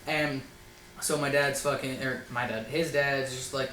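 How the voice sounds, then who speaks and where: A young man hosting a casual storytelling chat, loud and laughing, swearing often and acting out quotes. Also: mid-range voice, normal speed, roomy sound, slight background noise, poor audio. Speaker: host.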